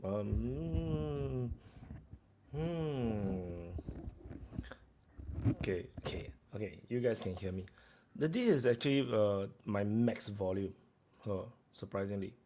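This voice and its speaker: A man's voice: on the low side, slow pace, pauses often, background noise. A man hosting a live stream in a casual, rambling way, filling gaps with chatter and talking to viewers. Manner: rambling, lots of fillers and restarts, chatting with viewers.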